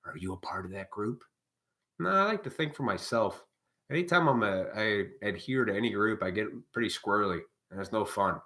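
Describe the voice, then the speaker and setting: A man with a somewhat low-pitched voice rants on his own live stream. He talks casually but preaches hard, swearing freely as he lectures his viewers. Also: animated, a little fast, bright, forceful tone. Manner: blunt, profane, preachy. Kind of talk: casual ranting monologue.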